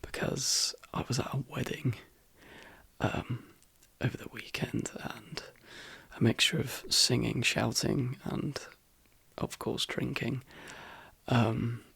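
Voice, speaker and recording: A man hosting a soft-spoken ASMR video in a croaky, hoarse half-whisper, rambling easily between fillers. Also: medium pitch, level tone, slow pace, no echo. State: hoarse, voice worn out. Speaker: ASMR channel host.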